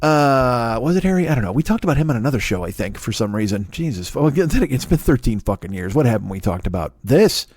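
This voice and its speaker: A man's voice: medium pitch, big pitch swings, fast talker, few pauses, darkish tone, slight background noise. A man in his forties doing a rambling, profane comedy monologue as the host of his own solo show, tangling up his sentences and breaking off into asides. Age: 40s. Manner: profane, riffing, self-interrupting with asides and laughs. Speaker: comedian hosting a solo podcast. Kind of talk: rambling stand-up style monologue.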